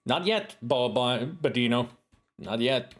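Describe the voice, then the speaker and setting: A man's voice: medium pitch, lively intonation, takes it slowly, a bit bright, slight background noise. A man streaming a retro adventure game, casually reading the game text aloud with playful, sing-song emphasis.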